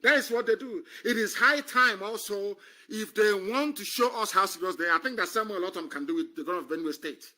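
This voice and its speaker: With a bright, forceful, high-pitched voice, a man from Nigeria rushes through a live-stream political monologue with hardly any pauses. His impassioned delivery is scornful and emphatic, and he repeats phrases for effect.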